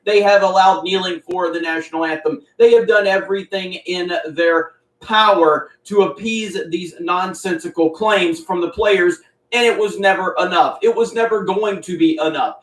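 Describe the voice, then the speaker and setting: A man's voice: sits high, normal speed, fairly bright tone. A man delivering scripted political commentary in a firm, dismissive tone. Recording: roomy echo, distant mic.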